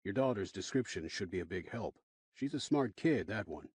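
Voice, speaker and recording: A man voicing a steady, reassuring police officer in an audiobook. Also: deep voice, normal speed, breathy edge, no room sound, pitched below the performer's own voice.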